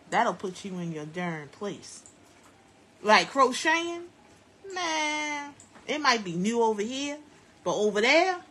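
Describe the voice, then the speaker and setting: A woman hosting a live stream from home while doing hair, giving chatty, preachy life advice in a lively, down-to-earth way. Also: medium pitch, slight background noise. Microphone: phone live stream.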